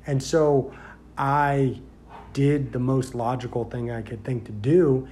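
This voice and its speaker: A man who works as a deputy, telling a story in a casual, rambling way with many fillers and growing loud and animated as he goes. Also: mid-range voice, slow, a little hiss or hum. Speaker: sheriff's deputy.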